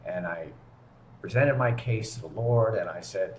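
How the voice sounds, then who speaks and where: A man telling a story from his apartment in a rambling, animated way, full of restarts and asides. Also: on the low side, measured pace, reverberant, a little hiss or hum. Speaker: vlogger recounting lockdown. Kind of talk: casual storytelling monologue.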